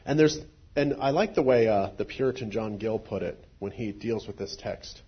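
A man's voice: lowish voice, normal speed, breathy edge, dull audio. A man, a pastor, explaining scripture in a thoughtful teaching style. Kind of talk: sermon teaching.

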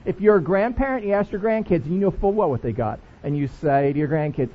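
A man's voice: fairly high pitch, quick pace, few pauses. A man preaching a sermon as pastor, playful and jokey with his congregation. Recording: dull lo-fi recording.

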